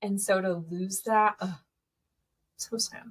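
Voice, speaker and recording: A woman's voice: mid-range voice, fairly even intonation, slow pace, husky. A woman co-hosting a podcast, chatting casually and reacting with sympathetic sighs. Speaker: podcast co-host. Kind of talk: casual chat.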